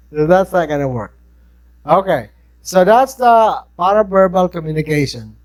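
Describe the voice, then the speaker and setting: A man's voice: high-pitched, moderate pace, poor audio. A man with a Filipino accent, lecturing a class in a conversational way and often checking in with his listeners. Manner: conversational, keeps checking in with "right?". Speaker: instructor.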